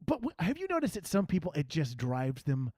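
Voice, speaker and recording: Deadpan male podcast co-host. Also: fairly high pitch, brisk, dry recording, studio quality. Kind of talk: casual comedic chat. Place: podcast studio.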